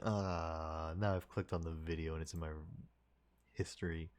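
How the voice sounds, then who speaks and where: Male streamer, very low voice, rambling casual chat, chuckles, restarts sentences. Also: fairly even intonation, moderate pace, darkish tone.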